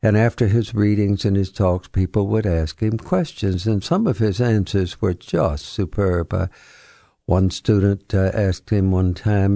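An older man, a retired history professor telling anecdotes as a radio guest, halting with fillers. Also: on the low side, gravelly, warm tone, no room sound, clean studio sound. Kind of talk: radio interview storytelling. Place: radio studio.

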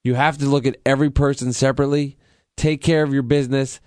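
A man from Pittsburgh co-hosting a podcast, playful and quick with comebacks. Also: mid-range voice, flat delivery, a little mellow, clean tone, dry recording, studio quality. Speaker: podcast co-host. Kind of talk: casual banter.

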